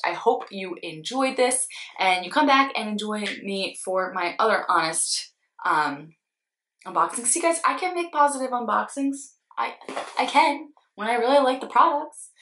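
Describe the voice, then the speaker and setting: A woman's voice: lowish voice, bright, forceful tone, slight background noise. A young woman, a beauty vlogger and makeup artist, chatting candidly with wry asides as she unboxes products. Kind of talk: casual unboxing chat. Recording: roomy echo, faint background music.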